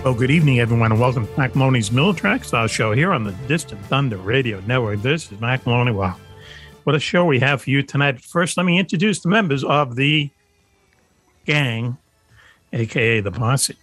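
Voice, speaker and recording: A man's voice: mid-range voice, lively intonation, a little fast, fairly bright tone, faint music behind. A man hosting a radio show over a video call, introducing his co-hosts with playful jokes. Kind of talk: casual banter on a radio show.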